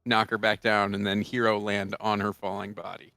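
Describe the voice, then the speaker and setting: A man's voice: on the low side, little pitch movement, moderate pace, pushed and bright, no room sound, soft background music. A man playing a tabletop game, talking eagerly and jokingly, with playful boasting about his character's moves. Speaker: player.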